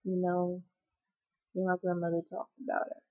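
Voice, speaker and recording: A woman's voice: fairly low pitch, monotone, moderate pace. A young woman telling a personal story on her channel, rambling and emotional with many fillers. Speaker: vlogger. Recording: dull lo-fi recording.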